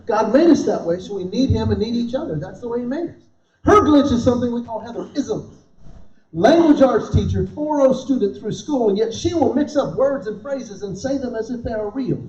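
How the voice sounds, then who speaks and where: A middle-aged male comedian with an extremely high, animated, brisk and slightly mellow voice does stand-up in an event hall. He tells punchy, self-deprecating stories and tosses questions to the crowd, captured in a roomy, distant, dull live recording.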